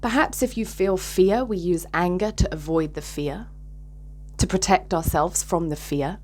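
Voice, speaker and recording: A woman's voice: on the low side, unhurried, darkish tone, slight background noise. A woman speaking candidly to camera in a reflective vlog monologue, talking openly about her feelings and swearing freely. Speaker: vlogger.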